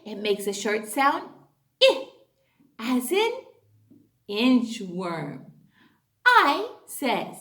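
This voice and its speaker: A woman's voice: fairly high pitch, very slow, long pauses. Bubbly woman teaching phonics, echoey room. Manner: animated and sing-song, gasps and cheers often. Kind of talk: phonics lesson for young children.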